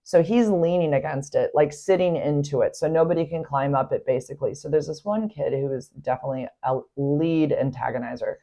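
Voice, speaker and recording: Low, creaky woman telling a story. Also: a little fast, few pauses, warm tone. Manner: chatty, many "like" fillers. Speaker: podcast host; school staff member. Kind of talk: casual storytelling.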